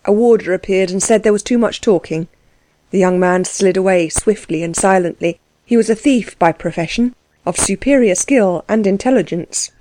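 A woman narrating an audiobook in a measured, steady voice. Her pitch sits in the middle for a woman, and the recording is dry with no room sound. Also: no echo. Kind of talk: scripted narration.

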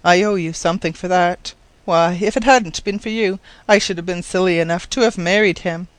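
An audiobook reader voicing a dry, practical woman who keeps a shop and speaks in a dry, brisk way. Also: medium pitch, steady tone, dry recording, lightly acted. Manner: dry, hurried. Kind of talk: audiobook reading.

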